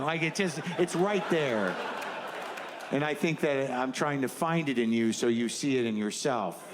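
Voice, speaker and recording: A man's voice: mid-range voice, measured pace, background noise. A man doing a stand-up comedy set on stage, riffing in a rambling, conversational and profane way. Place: stage before a live audience. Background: faint audience laughter.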